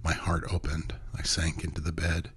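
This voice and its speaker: A man narrating a first-person story in an intimate, hushed way, often dropping to a whisper. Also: very deep voice, monotone, moderate pace, slightly rough.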